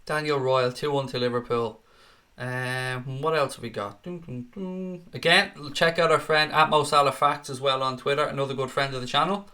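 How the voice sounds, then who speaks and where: A man's voice: medium pitch, steady tone, moderate pace, pushed and bright. A young man hosting a live football watchalong, chatting casually and matily as he reads out viewer comments. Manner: chatty and matey, often calls viewers "mate". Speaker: fan watchalong host.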